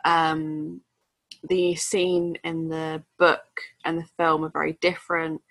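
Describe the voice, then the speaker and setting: Woman, podcast co-host, lower register, dry booth sound, casual and animated. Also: takes it slowly, no echo. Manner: chatty, acts out quotes in silly voices. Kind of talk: casual book discussion.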